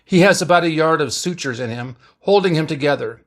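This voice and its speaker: A man voicing a gruff, blunt male ship doctor who barks orders in a read-aloud story. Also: on the high side, lively intonation, fairly quick, natural voice. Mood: brusque. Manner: brusque, barking orders.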